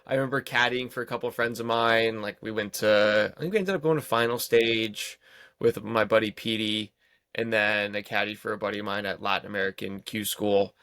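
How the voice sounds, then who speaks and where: A man's voice: on the low side, steady tone, a little fast, a bit bright, smooth. A man in his thirties, a golf pro and podcast guest, telling loose self-deprecating anecdotes in casual chat. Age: 30s.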